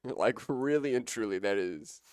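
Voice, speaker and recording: A man's voice: fairly low pitch, lively intonation, normal speed, a little mellow, clear, resonant tone, no room sound, studio quality. A young man casting a college esports match live, chatting casually and rambling with enthusiasm. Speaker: esports caster.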